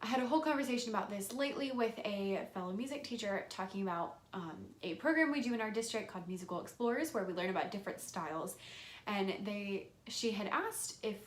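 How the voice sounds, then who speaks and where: Lively, upbeat woman music teacher. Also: quick pace, reverberant. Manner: enthusiastic, acts out her classroom voice with big pitch jumps. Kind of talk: casual explanation of a classroom lesson.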